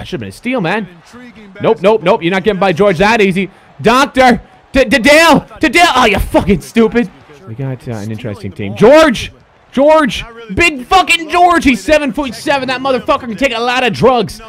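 A young man streaming a basketball video game, giving excitable, profane commentary and shouting at his players. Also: high voice. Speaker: gaming streamer.

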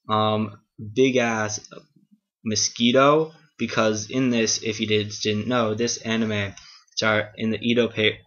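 A man's voice: on the low side, fairly bright tone. A man casually recapping an anime episode, rambling and swearing, filling his talk with "like" and "um". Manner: rambling, profane, heavy use of "like" and "um". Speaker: anime reviewer. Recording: dull lo-fi webcam audio.

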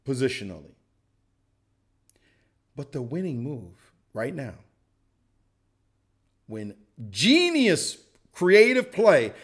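Playful, animated male chess commentator. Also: fairly high pitch. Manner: playful, joking, voices players' reactions.

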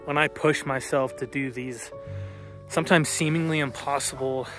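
A young man vlogging from a mountain summit outdoors, halting and open, with many fillers and restarts, choked up and near tears. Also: mid-range voice, fairly even intonation. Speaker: hiker vlogger. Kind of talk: emotional summit vlog. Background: loud background music.

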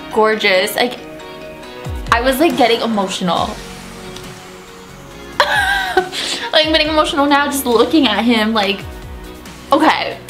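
Young girl vlogging late at night, tired, gushy and giggly, kinda high voice, faint music behind. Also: fairly bright tone. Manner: gushing, breathless fan talk with giggles. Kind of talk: casual chat to camera. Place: indoors at night after an event.

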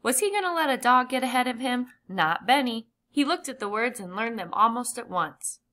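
A woman reading a children's chapter book aloud with clear, gentle emphasis. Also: a little high, expressive, normal speed. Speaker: audiobook reader. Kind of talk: children's storybook narration.

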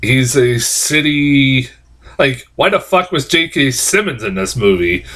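A man's voice: medium pitch, lively intonation, measured pace, a bit bright. A man giving a casual, profane, rambling film review, exasperated and full of fillers.

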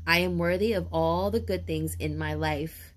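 A woman giving a tarot reading for viewers in a casual video, talking in a lively, confident way and calling them baby and honey. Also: lowish voice, moderate pace. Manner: chatty, sure of herself. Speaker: tarot reader.

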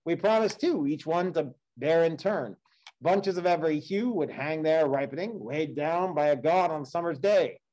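A man voicing Odysseus, a returned warrior king who is steady and commanding, in a read-aloud of an epic poem. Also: a little high, moderate pace, pitched above the performer's own voice, natural voice, low-quality recording. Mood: earnest.

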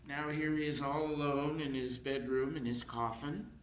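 A man reading a children's picture book aloud in a slow, expressive storytelling voice, in council chambers. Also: a little high, echoey room, slight background noise, low-quality recording.

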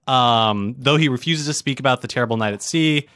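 A man appearing as a guest on a comedy book podcast, chatting casually and summarizing a plot in a wry, deadpan way. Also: mid-range voice, brisk, clean tone, dry recording, clean studio sound.

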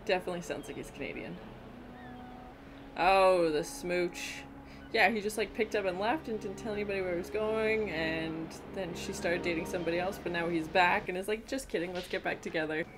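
A woman hosting a casual movie reaction, chatting and exclaiming loudly at scary scenes. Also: lowish voice, a little fast, background noise. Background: movie soundtrack playing.

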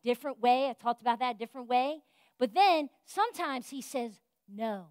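A woman pastor preaching a sermon in a fervent, folksy way, rising to loud exhortation and dropping to soft, confiding talk. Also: high voice, lively intonation, normal speed, smooth, dry recording, studio quality. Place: church.

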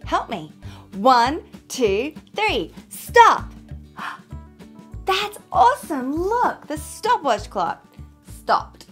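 A woman teaching children to sing, talking gently and encouragingly and singing moo notes over a piano. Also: on the high side. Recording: piano music behind. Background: piano keyboard.

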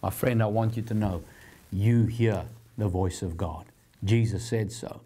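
A man's voice: on the low side, unhurried, dark tone. A man hosting a televised Bible teaching program, preaching in an earnest, encouraging, conversational way.

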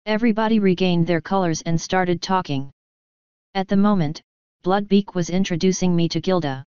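A woman reading a fanfiction story aloud in an even, measured way, giving every character the same plain voice. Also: on the low side, smooth, no echo. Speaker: fanfiction reader. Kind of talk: audiobook-style story narration. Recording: dull, slightly lo-fi sound, dry close mic.

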